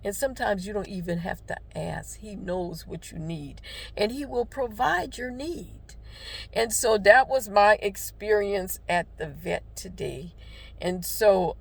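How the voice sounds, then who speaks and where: A woman's voice: medium pitch, gravelly. An older woman tells a heartfelt, rambling personal story and offers faith-based encouragement, with many fillers. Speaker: devotional vlogger. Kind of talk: casual personal testimony with encouragement.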